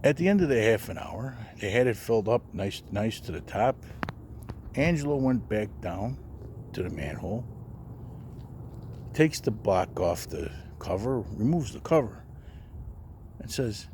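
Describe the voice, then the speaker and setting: A man telling a casual anecdote, jumping his voice up high when he quotes the people in the story. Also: normal speed, a little hiss or hum. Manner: animated, raising his voice high for quoted characters.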